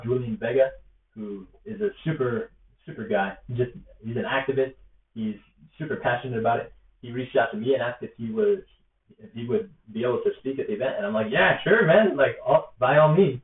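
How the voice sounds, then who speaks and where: A man's voice: medium pitch, fairly quick. A young man telling a story in a casual, earnest, rambling way, with lots of fillers, recorded on a laptop. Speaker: rally organizer. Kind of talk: casual spoken reflection to camera. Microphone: laptop or tablet built-in mic. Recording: echoey, distant, phone-like tinny sound.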